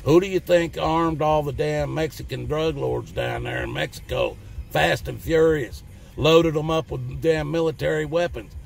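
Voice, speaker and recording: A man's voice: on the high side, moderate pace, gravelly, soft background music. A middle-aged man with a Southern US accent, hosting his own channel and ranting bluntly in a folksy, cussing manner. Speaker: channel host. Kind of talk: ranting opinion monologue to camera.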